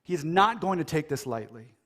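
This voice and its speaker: An American man delivers a church sermon with a loose, conversational energy. He jokes with the congregation and slips into quoted characters as he tells the story. His voice sits a little higher than most men's. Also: a little fast. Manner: casual and animated, jokes and acts out quoted lines. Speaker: pastor.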